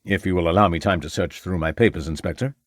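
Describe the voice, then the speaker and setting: A man voicing a confident American doctor who speaks in a slow, formal drawl and stays calm under questioning. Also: low-pitched, no echo, studio quality, close to an everyday voice. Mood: assured.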